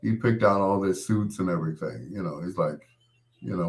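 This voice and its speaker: A man's voice: deep voice, brisk. A man working as a late-night radio DJ, chatting in a laid-back, storytelling way with casual slang.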